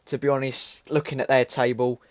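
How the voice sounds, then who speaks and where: A man's voice: mid-range voice, little pitch movement, fairly quick, dry recording. A man chatting casually about a football game, agreeable and moving the talk along. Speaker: podcast co-host.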